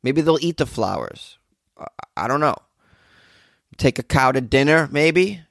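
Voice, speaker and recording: A man's voice: mid-range voice, lively intonation, unhurried, vocal fry, a bit bright, no room sound, clean studio sound. Hungover sarcastic male podcast host. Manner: sarcastic, rambling. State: hungover, low energy. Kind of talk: comedic news commentary.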